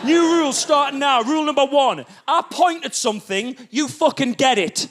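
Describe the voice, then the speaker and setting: Cocky little toddler boss making demands , a comic putting him on, kinda high, noisy room. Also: male voice, moderate pace. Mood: bossy. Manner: swaggering, demanding. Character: bossy toddler boy laying down rules.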